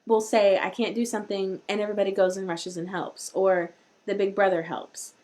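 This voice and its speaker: A woman's voice: medium pitch, darkish tone. A woman hosting a live-streamed parenting talk, chatty and rambling, with many restarts. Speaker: host.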